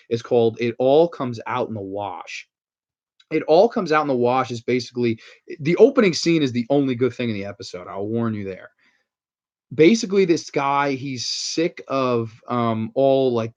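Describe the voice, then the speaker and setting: A man's voice: mid-range voice, highs cut off. A man giving a blunt, profane, incredulous review in casual chat. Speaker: podcast host reviewing horror episodes.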